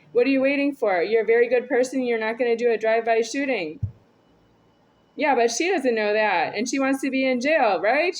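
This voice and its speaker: A woman's voice: on the high side, poor audio. A woman talking in a rambling, disjointed monologue, repeating herself and stumbling through restarts.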